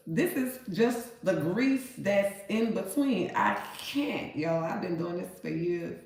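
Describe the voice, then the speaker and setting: Woman vlogger, nasal, folksy kitchen chat, lowish voice, very echoey room. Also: lively intonation, slow, hardly any pauses, darkish tone. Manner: chatty, folksy, calls viewers baby and honey. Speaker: cooking vlogger. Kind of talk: casual cooking talk to viewers.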